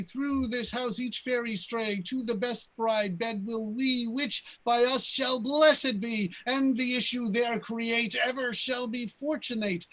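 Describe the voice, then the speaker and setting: A stately ruler and fairy king, read by a man over a video call. He declaims the verse with a high-pitched voice. The delivery is measured and commanding. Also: fairly bright tone, exaggerated voice. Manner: declaiming verse, then chatty thanks. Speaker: organizer of the reading and actor.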